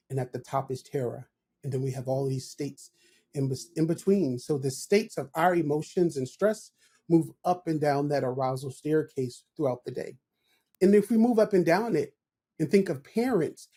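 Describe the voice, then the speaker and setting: A man speaks as a podcast guest with a soft, mellow tone and a slightly breathy, husky edge. He talks in a reflective, conversational way and works through ideas with examples. His voice sits a little higher than most men's. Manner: reflective, explains with examples and asks "right?". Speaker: guest, professional development director.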